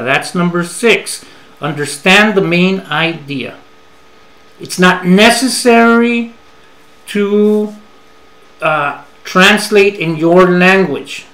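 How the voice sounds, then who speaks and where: A man with a fairly high voice teaches at an unhurried pace and says each key phrase twice. His voice rings in an echoey room. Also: lively intonation, fairly bright tone. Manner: repeats key phrases slowly in English, then gives them in Spanish. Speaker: English teacher. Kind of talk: bilingual English lesson.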